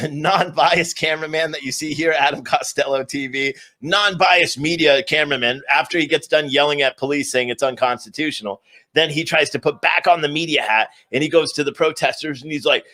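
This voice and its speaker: A man's voice: on the high side, bright, forceful tone. A man live-streaming, giving a sarcastic, ranting commentary recap to his viewers. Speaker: livestream commentator.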